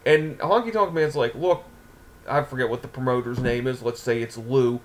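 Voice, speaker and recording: A man casually telling an anecdote in an animated way, laughing often. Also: mid-range voice, brisk. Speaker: storyteller.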